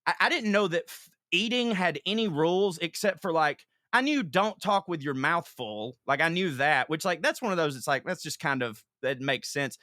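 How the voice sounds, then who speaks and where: A man hosting a podcast, telling profane, animated comic stories in casual chat. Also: a little high, moderate pace, hardly any pauses, no room sound, clean studio sound. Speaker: podcast host.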